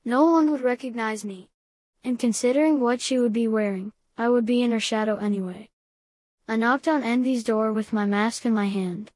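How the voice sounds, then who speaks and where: A woman narrating a first-person story in a steady, even reading voice. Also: a little high, normal speed, no echo. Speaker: audiobook reader.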